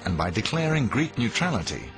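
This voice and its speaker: A man giving scripted, measured narration for a history documentary. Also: medium pitch, sing-song. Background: music.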